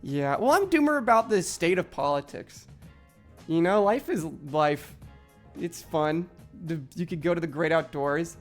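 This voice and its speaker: A man's voice: on the high side, expressive, measured pace, soft background music. A young man streaming, ranting in frustration with heavy swearing and lots of filler words. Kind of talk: casual live-stream chat while gaming.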